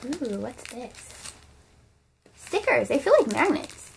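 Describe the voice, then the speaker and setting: High, gushing young woman vlogger. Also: slow, vocal fry, background noise. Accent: American Midwest. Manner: gushing, excitable, talks to her dolls. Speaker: vlogger opening fan mail. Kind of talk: casual vlog unboxing.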